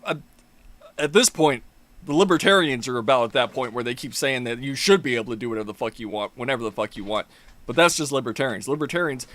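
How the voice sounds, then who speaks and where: A man's voice: fairly high pitch, a bit bright, no room sound. A man hosting his own political commentary video, ranting angrily with heavy profanity and mocking sarcasm. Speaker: commentary channel host.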